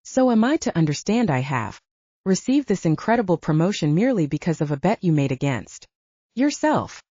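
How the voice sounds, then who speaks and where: A woman's voice: on the low side, sing-song, normal speed, mellow, no room sound. A woman playing a proud young lady lawyer. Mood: firm. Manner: assertive, crisp courtroom delivery. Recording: slightly muffled lo-fi recording.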